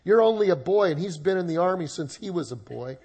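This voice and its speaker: A man's voice: high-pitched, expressive, a little fast, darkish tone, husky, full character voice. A preacher voicing a dismissive old king. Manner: curt, dismissive.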